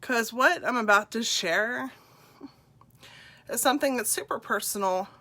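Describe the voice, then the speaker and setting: A middle-aged woman with a drawl talks unhurriedly and warmly to her live-stream viewers, her bright, clear tone a little stuffed up from congestion. She confides in them and greets each by name. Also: on the high side, measured pace. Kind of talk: personal live-stream talk.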